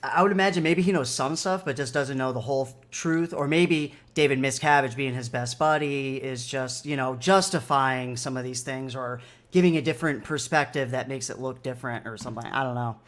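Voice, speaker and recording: A man's voice: medium pitch, brisk, few pauses, fairly bright tone. A man in a casual livestream chat, speaking hesitantly as he thinks aloud.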